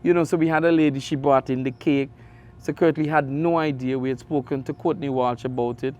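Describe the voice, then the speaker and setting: A middle-aged man with an Antiguan accent, a radio sports host telling stories in an interview, animated with big jumps in his voice. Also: medium pitch, fairly quick, faint music behind. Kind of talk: conversational interview storytelling.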